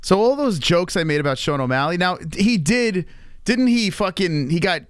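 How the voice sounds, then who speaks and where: A man in his thirties hosting a live stream, telling rambling, profane anecdotes in a casual, animated way. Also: high-pitched, moderate pace, smooth, dry recording. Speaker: stream host.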